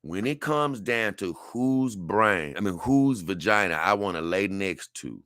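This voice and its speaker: Young male streamer, bright and forceful, dry close mic, reads chat and rambles with laughs. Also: fairly low pitch, expressive, slow, hardly any pauses, no echo. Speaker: livestream host reading viewer comments. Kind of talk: casual livestream chat.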